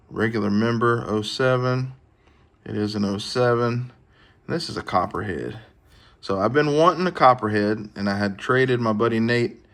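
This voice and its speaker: A man talks through his latest mail haul in an easygoing, folksy manner. His voice sits a little low. The delivery is casual and unhurried, like a hobbyist chatting to his viewers. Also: a bit bright. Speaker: knife collecting channel host. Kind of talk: casual show-and-tell vlog.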